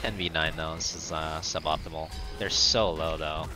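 A man's voice: very deep voice, little pitch movement, normal speed, over music. A man casually commenting while playing a game, joking with his chat. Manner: laid-back, joking, talks to chat. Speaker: streamer.

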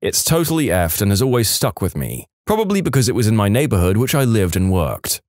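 Male narrator, scripted reddit storytelling, animated, lively pitch, dry sound. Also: a little fast, dry recording.

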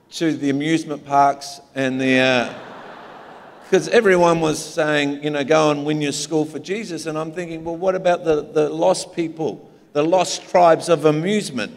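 A man with an Australian accent, a pastor preaching a humorous, story-filled sermon in a large church. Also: a little high. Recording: long hall reverb.

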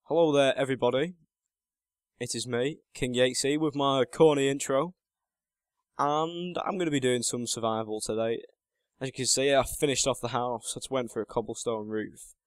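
A lad in his late teens chats through his gameplay, joking at his own expense and muttering to himself between remarks. His voice sits at an ordinary middle pitch. It is recorded close and dry, with no room sound. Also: moderate pace, no room sound. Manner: chatty and self-mocking, muttering to himself while playing. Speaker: gaming channel host. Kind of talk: casual gameplay commentary.

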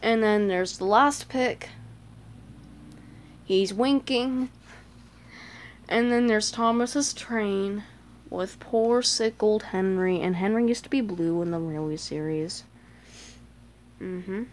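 A woman's voice: mid-range voice, slow pace, pauses often, slight background noise. A woman chatting through a picture book page by page, filling her talk with "like" and small gasps. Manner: chatty, lots of "like", gasps and little voices. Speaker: fan showing a picture book. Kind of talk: casual book flip-through commentary.

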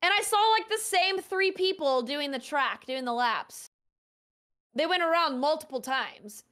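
A young woman with a high-pitched voice tells a story as a guest on an interview show. Her delivery is casual and animated, and she leans on "like" between phrases. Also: unhurried. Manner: animated, heavy use of "like".

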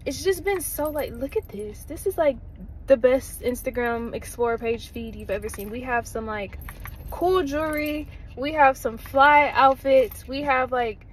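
A woman's voice: a little high, slight background noise, low-quality recording. A young woman chatting casually and animatedly to her viewers as a vlogger, talking from a parked car with her dog panting nearby. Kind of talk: casual vlog chat. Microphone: camera in the car.

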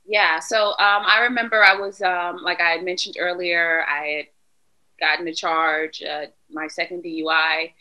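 A woman guest tells a personal story in casual conversation. Her voice sits a little low and has a bright, forceful edge. She acts out the dialogue vividly as she goes. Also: moderate pace, rough recording. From Philadelphia area. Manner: candid, animated retelling with quoted dialogue. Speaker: podcast guest.

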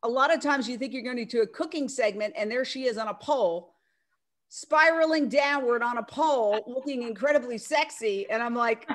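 Loud, animated woman on a video call. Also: on the high side, normal speed. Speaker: media network founder speaking at an online event. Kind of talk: casual speech on a video call.

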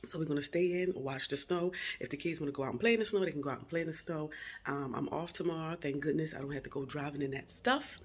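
A woman's voice: sits low, fast, slightly rough. A woman in her forties, a mother of two, casually chatting to her viewers in a home vlog, easygoing and full of y'alls and ums.

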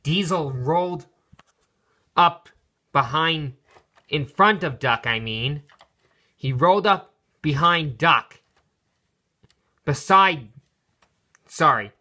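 A man's voice: on the high side, expressive, slow, long pauses, bright, forceful tone. A man casually narrating a toy-train story, correcting himself and adding playful asides.

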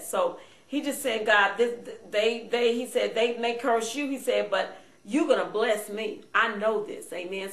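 Woman pastor, mid-pitched voice, preaching a sermon with frequent amens, roomy echo. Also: a bit bright. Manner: reads scripture then paraphrases with frequent amens.

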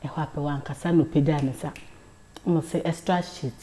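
A woman guest on a talk show, telling a personal story in an animated way and dropping to a hush at times. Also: low voice, moderate pace, a crowd in the background. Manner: animated storyteller, drops to a hush for quoted lines.

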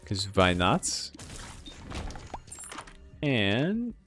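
A man's voice: on the low side, huge pitch swings, very slow, a bit bright, faint music behind. A man giving casual, rambling gameplay commentary, joking at his own expense and making sound effects. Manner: rambling, self-mocking, sound effects and joke impressions. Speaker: let's play commentator.

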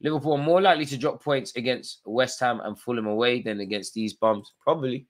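A man's voice: mid-range voice, fairly quick. A tired man hosting a live football watchalong, chatting through play-by-play with fan reactions. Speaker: watchalong host.

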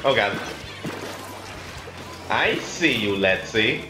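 A man's voice: lowish voice, expressive, very slow, echoey room. A man playing an online game with friends, making teasing, wry remarks about the match. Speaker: player. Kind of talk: gaming voice chat. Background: game music.

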